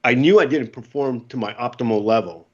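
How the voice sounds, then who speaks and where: A man in his fifties from the United States, a podcast guest telling lively war stories and acting out the voices. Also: medium pitch, fairly quick, slightly rough, lo-fi sound. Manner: animated storyteller, acts out voices, laughs often. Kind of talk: casual storytelling.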